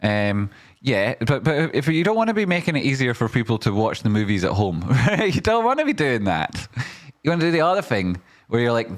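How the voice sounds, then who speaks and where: A man's voice: mid-range voice, big pitch swings, a little fast, no echo. A man, commenting on stocks in a rambling, casual way with lots of fillers, breaking into sweary rants. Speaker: stock market streamer.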